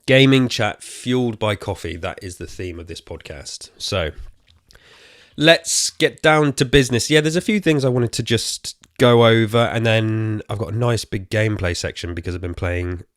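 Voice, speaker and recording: A British man in his thirties hosting a casual solo gaming podcast from a quiet room at home, rambling and slightly out of breath. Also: fairly low pitch, normal speed, no echo, clean studio sound. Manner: rambling, chatty, self-correcting asides. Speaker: podcast host.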